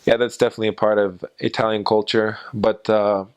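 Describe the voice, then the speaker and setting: Smooth low-voiced man, rambling story. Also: little pitch movement, brisk. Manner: rambling, frequent "uh" and "and so". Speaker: former missionary. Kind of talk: casual storytelling.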